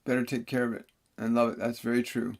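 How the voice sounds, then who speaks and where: A man of middling pitch hosts a live channeling session. He speaks earnestly and warmly to his viewers, repeating key phrases for emphasis and laughing softly between answers. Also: level tone, fast talker, creaky. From Canada. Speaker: spiritual medium.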